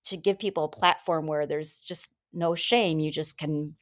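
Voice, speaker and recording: A woman's voice: sits low, steady tone. Eager, grateful woman guest on a podcast. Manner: eager and grateful, halting restarts. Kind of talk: casual podcast chat.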